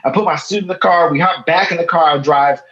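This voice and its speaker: A man from Chicago's South Side in his thirties, speaking as a guest on a casual interview. He tells a story with energy, acting out the quotes as he goes. The recording is a bit dull and lo-fi. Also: on the high side. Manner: animated, fast storytelling with quoted dialogue. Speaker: guest, photo editor.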